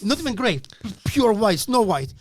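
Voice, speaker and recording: A man telling a comedy gig story on a podcast, animated and swearing as he acts out the people in it. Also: high-pitched, moderate pace, slight background noise. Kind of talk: casual podcast anecdote.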